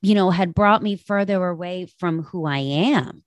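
A woman's voice: lowish voice, moderate pace, no room sound. A woman in her late thirties hosting a talk show, speaking candidly and confessionally to her listeners about her own life. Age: 30s. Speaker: podcast host. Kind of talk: personal reflective monologue.

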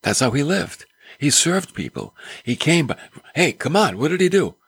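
A man's voice: fairly high pitch, sing-song, moderate pace, a bit bright, breathy edge. A male preacher giving a conversational sermon, full of rhetorical questions.

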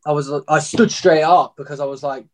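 A man's voice: fairly high pitch, steady tone, fairly quick. A young man recounting a story in loose, blunt, casual talk, swearing freely and leaning on filler words. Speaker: guest telling a story.

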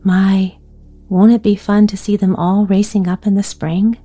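A woman's voice: mid-range voice, flat delivery, a little slow, mellow, faint music behind, close to an everyday voice. A woman reading aloud, giving the lines of a sweet, eager little girl.

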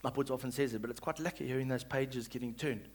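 A male pastor reading scripture and preaching, swinging between loud calls and hushed reading and leading the congregation to repeat after him. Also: medium pitch, fairly even intonation, fast talker. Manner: leads the congregation in call-and-response.

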